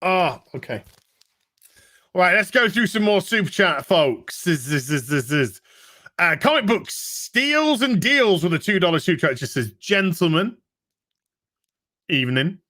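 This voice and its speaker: A man's voice: high voice, a little slow, long pauses. A man, casually reading viewer messages on a livestream with jokey asides and sudden outbursts. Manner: animated, jokey, with sudden shouts. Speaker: livestream co-host reading super chats.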